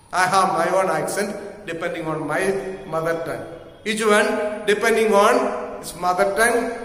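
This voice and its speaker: A man with a high voice teaches a literature lesson, talking slowly and repeating each point so it sinks in. His words ring out with heavy echo and a long, hall-like reverb trailing behind them. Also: a bit bright. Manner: slow, deliberate, repeats key phrases; spells words out letter by letter. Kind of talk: classroom lesson explaining a story.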